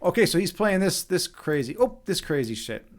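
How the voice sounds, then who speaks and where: Playing chess on stream, this young man from Chicago, whose accent shows it, speaks at normal speed in a high voice. He narrates his games with lots of energy, cursing openly and reading and answering chat.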